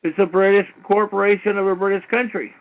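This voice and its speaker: A man's voice: high-pitched, little pitch movement, brisk. A man hosting a call-in talk show, lecturing in a heated, rambling way, peppered with "you know" and swearing. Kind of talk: rambling call-in radio monologue. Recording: dull lo-fi internet radio stream.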